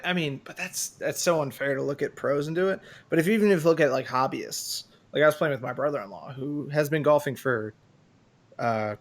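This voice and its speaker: A gravelly, medium-pitched man co-hosting a podcast chats casually. He tends to ramble, often restarting sentences and leaning on fillers.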